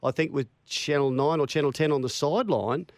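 A man's voice: a little high, fairly quick, dry recording, clean studio sound. An Australian man in his fifties hosting a radio show, telling stories with plenty of laughs. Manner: laughing, lively storyteller. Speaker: radio host. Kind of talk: casual radio banter.

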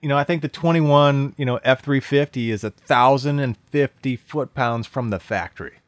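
Middle-aged male podcast co-host, mid-pitched voice, dry close mic, animated and enthusiastic. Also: moderate pace, no echo. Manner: enthusiastic, animated, with many "you know" fillers. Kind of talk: casual car podcast chat.

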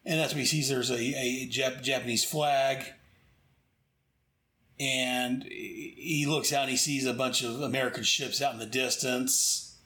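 A man's voice: medium pitch, steady tone, unhurried, bright, forceful tone. Rambling man reviewing comics. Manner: rambling, with many restarts and asides. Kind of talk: casual commentary. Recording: echoey room.

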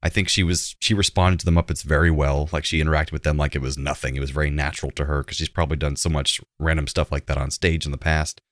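A man with an extremely deep voice talks through his take on an episode in a relaxed, rambling way. The sound is dry and close. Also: fast talker, few pauses, no room sound. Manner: relaxed, filler-heavy, easygoing. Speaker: podcast co-host. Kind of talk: casual chat giving opinions.

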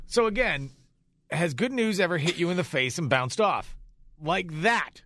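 A man's voice: sits high, lively intonation, unhurried, a bit bright. A man co-hosting a morning radio show, teasing and joking with his partner. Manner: teasing, joking, dry asides. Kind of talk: casual morning radio banter.

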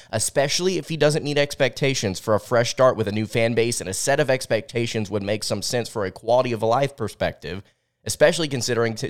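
A man hosting a solo sports podcast, talking casually and reading quotes aloud, with frequent fillers. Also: medium pitch.

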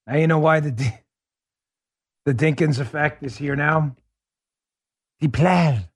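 A man's voice: on the high side, fairly even intonation, normal speed, no echo, clean studio sound. A man hosting a political talk show, giving opinionated commentary with emphatic, sarcastic rhetorical questions.

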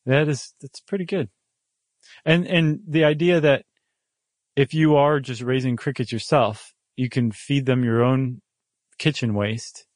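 A man's voice: mid-range voice, steady tone, measured pace, no room sound, studio quality. A man co-hosting a podcast, chatting casually and joking, with frequent ums as he thinks aloud. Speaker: podcast co-host. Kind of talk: casual chat.

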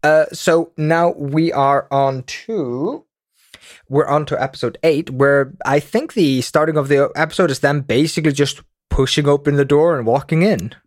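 A man's voice: a little high, moderate pace, no echo, studio quality. A man hosting a podcast in casual chat, easygoing and a little hesitant, laughing often. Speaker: podcast host.

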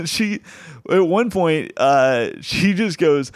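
A young male comedian tells a story in a casual, animated way, laughing through it. His voice is smooth and clear, recorded dry and close. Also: fairly high pitch, takes it slowly, no room sound. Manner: animated, laughs often while telling the story.

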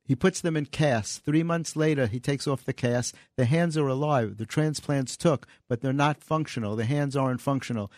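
With a darkish, medium-pitched voice and a moderate pace with few pauses, a comedy writer and author earnestly tells stories as a radio studio guest. A studio microphone picks him up cleanly, with no echo.

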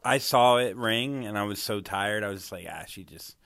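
A man speaking softly and casually as a podcast guest, laid-back and laughing now and then. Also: lowish voice, normal speed, gravelly, no room sound. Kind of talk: casual chat.

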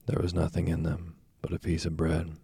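A man narrates a classic novel slowly and deliberately, like a studio audiobook. His voice is extremely deep and gravelly with a husky, dark color. The recording is dry and close, with no room sound. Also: completely flat delivery, dry recording. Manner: slow, deliberate storytelling.

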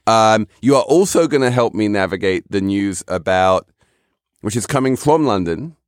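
A man's voice: fairly low pitch, expressive, normal speed, clear, resonant tone, no echo, clean studio sound. A man hosting a casual podcast chat, wry and self-deprecating, rambling with frequent restarts. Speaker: podcast host.

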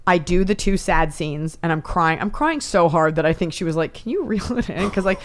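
A woman comedian talks as a podcast guest in a somewhat low voice, spinning her stories with lively energy. She slips into the voices of the people she quotes as she goes. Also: moderate pace, clear, resonant tone. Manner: animated storytelling, acts out quotes. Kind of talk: casual podcast chat.

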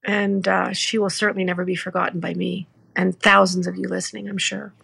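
A woman's voice: lowish voice, flat delivery, a little fast, gravelly, pushed and bright, slightly rough. A woman podcast host telling an emotional story in a heartfelt, conversational way, acting out the dialogue as she goes.

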